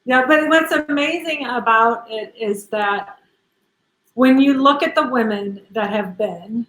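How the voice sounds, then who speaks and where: High, emotional woman in an echoey room. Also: takes it slowly, a bit bright. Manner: emotional, laughs often, talks of crying easily. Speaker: event co-host. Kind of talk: casual conversation, live stream.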